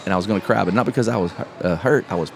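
A middle-aged man, a podcast host telling a story in casual, animated chat. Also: low-pitched, rapid-fire, creaky. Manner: animated storyteller, calls listener bro. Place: live podcast event. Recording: live event, faint noise behind.

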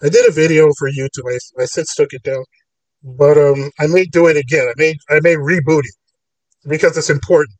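A man's voice: on the high side, fairly even intonation, a little fast, no echo, far from the mic, low-quality recording. A man hosting a call-in podcast, arguing his points in long rambling runs. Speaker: podcast host. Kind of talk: casual call-in talk.

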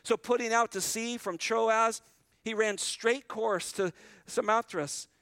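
A man's voice: high-pitched, slow, a bit bright, smooth, no echo. A man preaching a sermon as pastor, talking straight to the congregation and retelling scripture in an earnest, conversational way. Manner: addresses the congregation directly.

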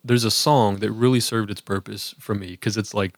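A man's voice: lowish voice, steady tone, moderate pace, no echo, studio quality. A man in casual conversation on a podcast, talking earnestly about faith with lots of fillers and restarts. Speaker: podcast co-host.

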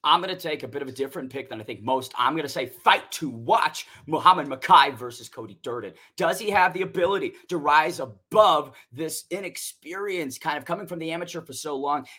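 A man's voice: a little high, sharp tone, husky. Brash man making fight picks. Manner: loose, confident, swears freely. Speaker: co-host picking fights. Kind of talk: casual sports predictions chat.

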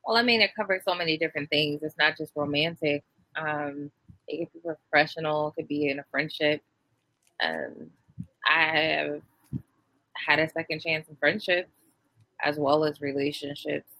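A woman co-hosts a casual talk show, weighing each point carefully before she gives her view. Her voice is low yet bright and forward, and it is recorded dry and close. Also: normal speed, no room sound, low-quality recording. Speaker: co-host. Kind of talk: casual chat.

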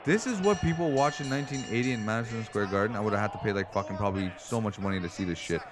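A man's voice: fairly low pitch, rapid-fire, music in the background. Male co-host, casual chat, crude and sarcastic. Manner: blunt, swears freely, mocking. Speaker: podcast co-host.

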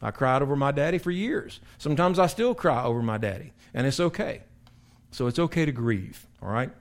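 A man's voice: medium pitch, expressive, a little fast. An older man in his sixties, a pastor leading a Bible study in a conversational, emphatic way, often repeating and restarting phrases. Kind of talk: sermon-style Bible teaching.

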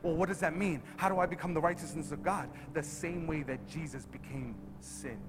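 A male pastor preaching a sermon to a congregation in a large church, moving between quick, quiet asides and loud, drawn-out shouting. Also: on the high side, over music.

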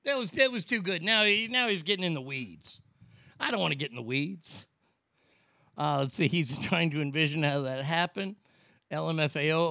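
A man's voice: fairly high pitch, lively intonation, moderate pace, sharp tone, dry recording, studio quality. A man hosting a stream of prank calls, chatting loosely and laughing between bits. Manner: amused, loose, laughing asides. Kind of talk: casual live-stream commentary.

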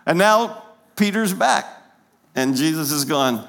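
A man's voice: on the high side, lively intonation, unhurried, creaky, pauses often, a bit bright. A pastor preaching a sermon in a church, talking conversationally and putting rhetorical questions to his congregation. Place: church sanctuary with pews.

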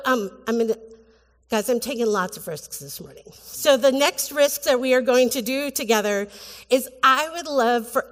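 Woman pastor, higher voice, earnest and halting delivery, church hall reverb. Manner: earnest, halting, with many restarts and fillers. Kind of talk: sermon. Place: church sanctuary.

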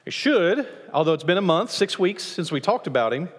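A man preaching a sermon as pastor of a church, lively, acting out voices from the passage as he teaches. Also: brisk. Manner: animated, acts out quoted voices with rising pitch. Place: church sanctuary. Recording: long church reverb.

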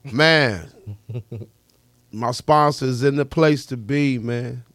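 A man's voice: medium pitch, takes it slowly, background noise. Loose, chatty podcast regular, man. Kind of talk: casual podcast chat.

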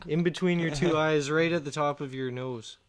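A man's voice: a little high, steady tone, normal speed, a crowd in the background. A man co-hosting a podcast, riffing in crude, profane banter. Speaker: podcast co-host. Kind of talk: casual comedy chat.

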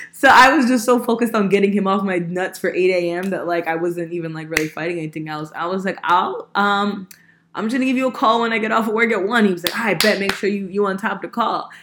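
A young woman telling a story in casual podcast chat, animated, laughing often and swearing freely, a little sick. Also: medium pitch, a little fast, slight background noise. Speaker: podcast host.

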